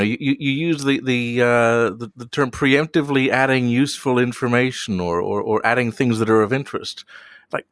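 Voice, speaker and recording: A man's voice: medium pitch, dry recording. A man with an Australian accent, a tech journalist guesting on a podcast, who stumbles and repeats words while making dry jokes. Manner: halting, repeats words often, dry humor. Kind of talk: casual podcast chat.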